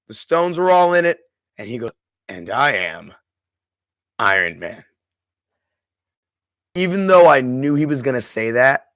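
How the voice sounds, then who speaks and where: Effusive man, slightly high voice. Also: fairly bright tone, dry recording. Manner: effusive, emotional, many restarts. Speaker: streamer and host. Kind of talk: live movie discussion with chat.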